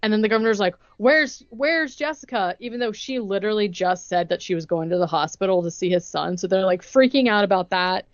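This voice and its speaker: A woman's voice: mid-range voice, a little fast, few pauses, dry recording, highs cut off. A young woman co-hosting a podcast, retelling a movie plot in casual chat, full of "like" and acted-out quotes. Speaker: podcast co-host recapping a movie.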